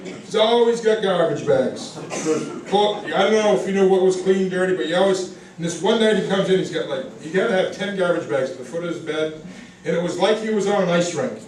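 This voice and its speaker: A man tells rambling roast stories about an old friend, often laughing at his own punchlines and swearing. His voice sits fairly high and sounds roomy and distant. Steady background noise runs under the speech. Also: fairly quick. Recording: echoey room, recorded from far off, background noise.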